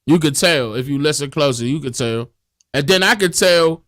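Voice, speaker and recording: A man talking casually in heavy slang, explaining his views at length in a relaxed way. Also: on the high side, normal speed. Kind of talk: casual conversation.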